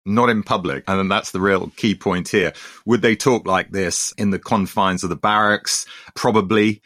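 A British man with a very deep voice co-hosts a history podcast as a historian. He speaks briskly and with confidence, laying out his points analytically, recorded close and dry with no room sound. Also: steady tone, a bit bright, dry recording. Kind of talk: conversational history podcast chat.

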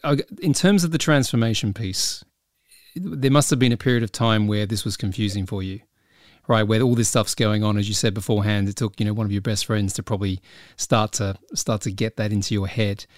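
A man's voice: on the low side, fairly even intonation, a little fast, dry recording, clean studio sound. A male interview host asking questions in an enthusiastic, conversational way. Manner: enthusiastic, conversational, repeats words. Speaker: podcast host.

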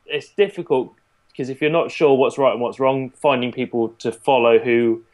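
A man in a casual podcast conversation, talking through his coaching approach. His voice sits at an ordinary middle pitch. He explains at an easy pace, with plenty of "you know" and "um" along the way. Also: moderate pace. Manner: explanatory, relaxed, frequent fillers. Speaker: fitness coach.

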